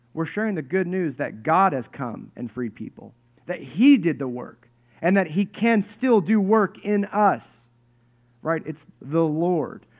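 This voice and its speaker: Animated conversational pastor, man. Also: fairly high pitch. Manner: conversational, animated, joking asides, speeds up and slows down. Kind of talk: sermon. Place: church hall with congregation.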